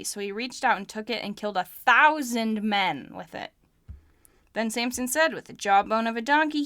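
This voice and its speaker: A woman's voice: on the high side, a bit bright, no echo. A young woman hosting a podcast, reading scripture aloud and breaking off with wry, joking asides. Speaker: podcast host. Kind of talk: casual Bible study podcast, reading and commenting.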